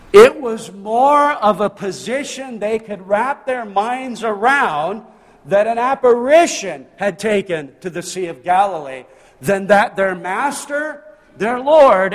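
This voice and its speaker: In a church sanctuary, a male pastor with a high voice preaches a sermon. He's emphatic and fills it with rhetorical questions, the sound carrying a big-room quality.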